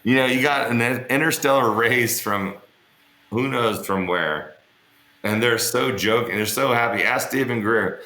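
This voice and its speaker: A man's voice: mid-range voice, unhurried, sharp tone, echoey room. A man being interviewed, telling rambling, joking stories in a casual way and swearing freely. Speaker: interview guest. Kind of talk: casual storytelling on an online interview.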